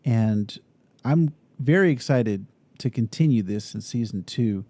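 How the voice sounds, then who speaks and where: A man co-hosting a podcast in casual chat, telling stories in a relaxed, agreeable way. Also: mid-range voice, measured pace, dry recording. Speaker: podcast co-host.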